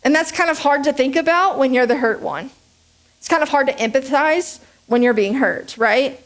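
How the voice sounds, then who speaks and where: A woman's voice: sits high, moderate pace. A young adult woman preaching a conversational sermon, joking at her own expense and checking in with "okay?" and "right?". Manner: chatty, joking, self-deprecating, asks "okay?" and "right?" often. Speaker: speaker at a church service.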